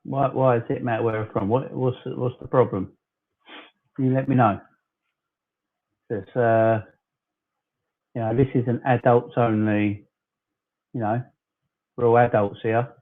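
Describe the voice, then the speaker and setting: A man in his forties from southern England hosts a casual fan livestream, speaking in a steady, medium-pitched voice, a little slowly and with frequent pauses. He chats loosely and argues back at commenters, calling them "fella", over a tinny, phone-like sound.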